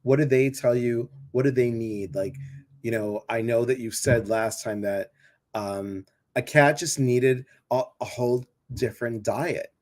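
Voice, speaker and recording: Chatty male host, rambling and animated. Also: mid-range voice, a little slow. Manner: chatty, rambling with many fillers and restarts. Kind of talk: casual interview chat.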